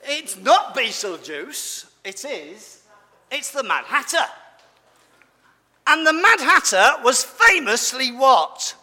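Animated, bright-voiced man preaching in a hall. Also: extremely high pitch, slow. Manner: animated, asks the audience questions, playful. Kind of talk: family-friendly sermon.

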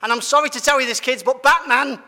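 A man's voice: extremely high pitch, fast talker, pushed and bright, in a large hall. A man giving a playful, family-friendly sermon as a preacher, asking his audience questions as he goes.

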